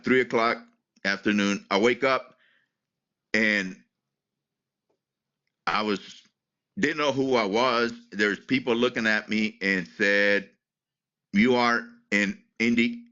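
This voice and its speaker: A man speaks slowly in a bright, forceful voice, stopping and starting as he recounts his story, repeating his words. The recording sounds muffled and lo-fi. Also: fairly low pitch. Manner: halting, repeats words, restarts sentences. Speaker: interviewee, retired Air Force veteran. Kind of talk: emotional personal account in an interview.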